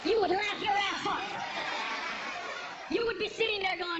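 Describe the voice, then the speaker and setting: A high-pitched woman works a stand-up crowd, hitting punchlines hard and switching into put-on voices. The recording is dull and lo-fi. Steady noise sits behind her. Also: normal speed, pauses often. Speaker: stand-up comedian. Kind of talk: stand-up comedy set. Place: stage before a live audience. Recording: lo-fi with background noise.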